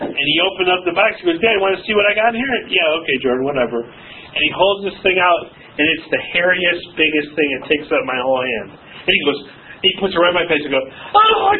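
A man preaching a sermon at a church service, lively, mixing Bible readings with stories. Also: a little high. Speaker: pastor. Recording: tinny phone-like recording with faint noise.

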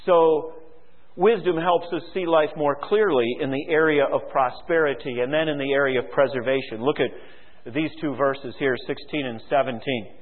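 A man preaching a sermon as pastor, his voice pitched high and fervent as he fires questions at the congregation and reads scripture aloud. The sound is thin and phone-like, trailing off into a long hall echo. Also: normal speed.

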